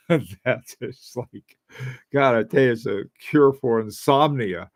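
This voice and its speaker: Older new guy rambling on a livestream, laughs a lot, middle pitch, dry sound. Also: slow, no room sound. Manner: chatty, rambling, laughs often. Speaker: livestream host. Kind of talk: casual livestream chat reading viewer comments.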